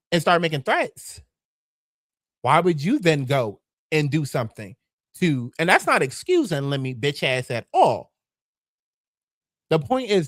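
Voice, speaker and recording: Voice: mid-range voice, no echo, studio quality. A gossip show host giving blunt, profane, sassy commentary in a casual, mocking way.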